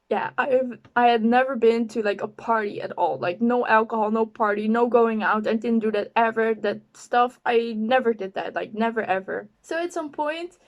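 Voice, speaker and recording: A nineteen-year-old woman telling a casual storytime, giggling often and saying "like" constantly. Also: on the high side. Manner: giggly, animated, heavy use of "like". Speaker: vlogger.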